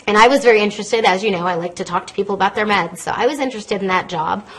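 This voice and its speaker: Woman pharmacist, public lecture at a podium; husky mid-pitched voice, quick and chatty delivery. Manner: lively, conversational, speaks fast by habit. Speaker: pharmacist giving a public health talk. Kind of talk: lecture to a live audience from a stage. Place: stage in a lecture hall. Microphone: podium microphone.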